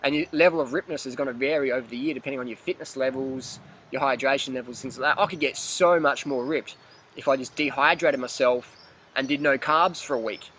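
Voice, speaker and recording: A man's voice: mid-range voice, a little fast, a bit bright, slight background noise. A man ranting bluntly in a fitness vlog, profane, emphatic and repetitive. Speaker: fitness vlogger.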